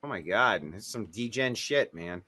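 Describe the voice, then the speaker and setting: A man's voice: on the low side, lively intonation, normal speed, over a noisy crowd. A man hosting a casual streamed debate show, teasing and profane, reading out viewer messages.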